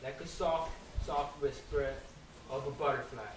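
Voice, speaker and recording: Casting: teen student, slow storybook read-aloud, distant in an echoey, noisy room. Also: medium pitch, steady tone. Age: teens. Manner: slow, careful read-aloud with sound effects. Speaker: high school student reading aloud. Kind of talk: reading a picture book aloud to children.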